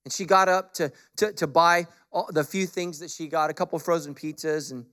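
A man's voice: on the high side, steady tone, normal speed. Man preaching with rising intensity. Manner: conversational storytelling that builds to forceful emphatic preaching. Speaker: pastor. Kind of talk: sermon.

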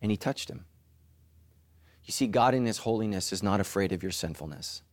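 A middle-aged man preaching a sermon as pastor, animated, who leaps into high mocking voices for asides. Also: a little fast, no echo.

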